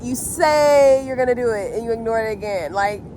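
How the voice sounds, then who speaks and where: A woman talks to her camera outdoors in a loose, slangy, conversational way, leaning on "like" and fillers as she gives motivational advice. Her voice sits a little high, and faint outdoor and traffic noise hums behind her. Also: normal speed, warm tone. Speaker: vlogger. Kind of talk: casual motivational talk to camera. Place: outdoors in nature.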